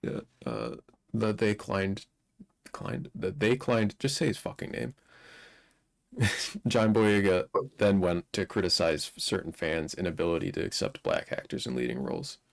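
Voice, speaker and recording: A man with a very deep voice and a gravelly fry, talking casually on a live stream. He reads headlines aloud and drops profane asides between them. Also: expressive, measured pace. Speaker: streamer co-host.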